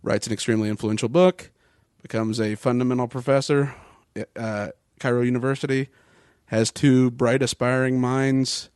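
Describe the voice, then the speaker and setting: A man's voice: medium pitch, fairly even intonation, normal speed, darkish tone, clean tone, no echo, clean studio sound. A man co-hosting a podcast, laying out facts at length in casual talk with fillers. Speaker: podcast co-host. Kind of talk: casual political chat.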